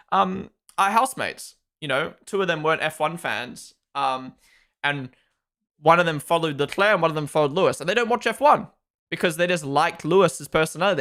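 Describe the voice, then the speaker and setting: A fairly high-pitched, creaky voice with a sharp tone belongs to this livestream host, a man in his twenties with a New Zealand accent. In casual chat, he reads viewer comments aloud and responds to them.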